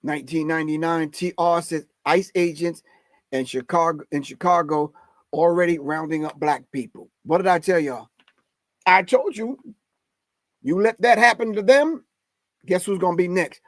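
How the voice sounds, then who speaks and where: A man's voice: sits high, normal speed, long pauses, no room sound. A middle-aged man hosting a live stream, giving emphatic, preachy commentary and calling his audience family. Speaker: host.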